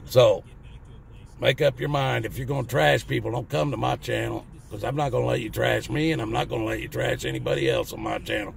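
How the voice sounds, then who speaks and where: A man's voice: mid-range voice, animated, brisk, gravelly, a little hiss or hum. A middle-aged man with a Southern US accent, hosting his own channel and ranting bluntly in a folksy, cussing manner. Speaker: channel host. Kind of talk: ranting opinion monologue to camera.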